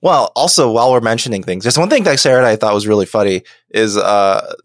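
A man's voice: lowish voice, fast talker, no echo. Guy cohosting a podcast, laughs a lot, voice bounces all over, dry close sound. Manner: laughs often, animated asides. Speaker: podcast co-host. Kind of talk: casual chat.

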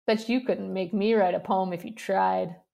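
A woman reading aloud, voicing a teasing young boy who mocks his playmate, in a loud, drawn-out way. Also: mid-range voice, steady tone, vocal fry. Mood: mocking. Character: giggling mocking young boy.

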